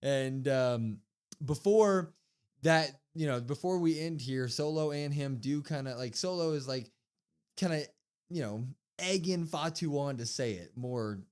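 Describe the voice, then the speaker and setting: A man's voice: on the high side, a little slow, clean tone. A young man co-hosting a podcast, recapping a wrestling episode in casual chat and acting out what the wrestlers said. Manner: animated storytelling, acting out quotes. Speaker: podcast co-host.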